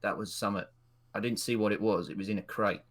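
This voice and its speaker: A man's voice: fairly low pitch, fast. A man voicing a shifty male informant, a wheedling gossip who speaks in a conspiratorial, folksy way. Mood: uneasy.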